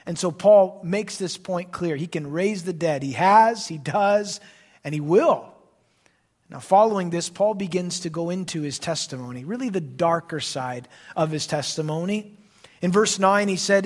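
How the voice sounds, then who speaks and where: Guy preaching in church, higher voice, punchy then quiet, sermon style. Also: moderate pace. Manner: emphatic preaching, rising and falling between loud and soft. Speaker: pastor.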